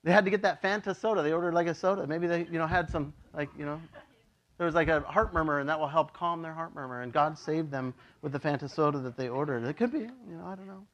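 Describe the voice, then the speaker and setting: A man preaching a casual, joking sermon as a pastor, chatty and animated, acting out voices in his stories. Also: fairly high pitch, fast talker. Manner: chatty, with many "like" and "you know".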